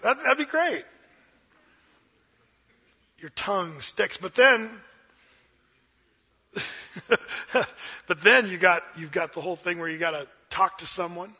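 A man preaching a sermon, telling a Bible story with lively acted-out voices. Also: high-pitched, unhurried, pauses often, breathy edge. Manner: animated storyteller, acts out voices. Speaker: pastor. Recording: dull lo-fi sermon recording.

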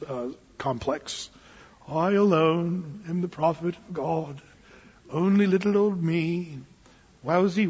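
Husky-voiced man preaching in a reverberant hall. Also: fairly high pitch. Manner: casual, animated storytelling preacher. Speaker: pastor. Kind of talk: sermon. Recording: dull recording with long hall reverb.

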